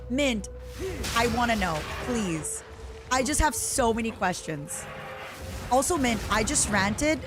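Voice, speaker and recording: A woman's voice: on the high side, lively intonation, unhurried, over music. A woman streamer in casual chat, teasing and rambling playfully at a desk mic.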